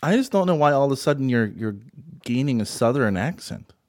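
A man's voice: medium pitch, very animated, a little fast, a little mellow, no room sound. Brief: dry, patient male host, voice rising and falling a lot, close dry mic. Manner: patient straight man, dryly questioning. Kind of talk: comedy podcast chat.

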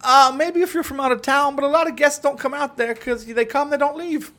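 A man voicing a boastful, odd Canadian villager in a goofy, overdone put-on accent, much higher than his own voice. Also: steady tone, rapid-fire, a little mellow.

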